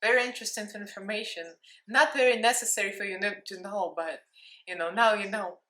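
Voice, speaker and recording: A woman's voice: medium pitch, fairly even intonation, fairly quick, fairly bright tone, reverberant. A woman in her thirties with a Russian accent, chatting playfully and giggling as she hosts her own makeup tutorial. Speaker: makeup vlogger. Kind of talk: casual makeup tutorial chat.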